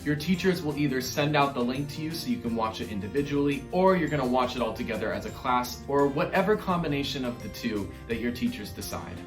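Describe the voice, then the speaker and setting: A man's voice: medium pitch, animated, fast talker, few pauses, roomy sound. A man teaching an online music lesson to children in a playful, encouraging way.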